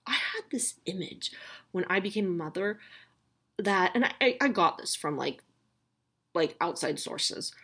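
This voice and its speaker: A woman's voice: lowish voice, animated, measured pace, long pauses, pushed and bright, slightly rough. A woman in her thirties hosting a podcast, giving a candid, swearing, self-mocking pep talk to new mothers. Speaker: podcast host.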